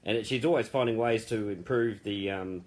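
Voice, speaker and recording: A man, founder of an online group, giving a casual live-stream update in a chatty, rambling way, warmly praising members. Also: on the low side, moderate pace.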